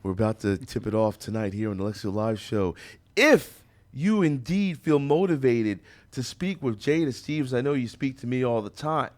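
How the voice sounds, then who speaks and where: A man's voice: medium pitch, moderate pace. A man hosting a radio talk show from a studio, bantering and joking with a playful, hyped announcer-style delivery.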